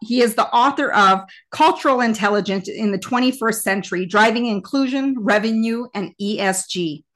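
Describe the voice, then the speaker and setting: A woman hosting an interview podcast, introducing her guest in measured list-like phrases and asking questions. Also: fairly high pitch, fairly bright tone. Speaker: podcast host.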